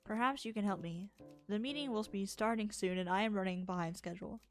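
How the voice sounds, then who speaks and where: A woman's voice: mid-range voice, a little fast, soft background music, natural voice. A woman voicing a stiff, overworked businessman in a video game, reading his lines in formal, stilted phrasing. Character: stiff overworked businessman, man, late for meeting.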